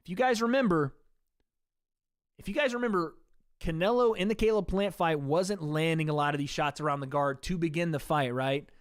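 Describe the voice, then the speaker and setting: Chatty guy streaming fight commentary, kinda high voice, dry close sound. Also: normal speed, clear, resonant tone, dry recording. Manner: chatty, addresses viewers as guys. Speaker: livestream host. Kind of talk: casual play-by-play commentary.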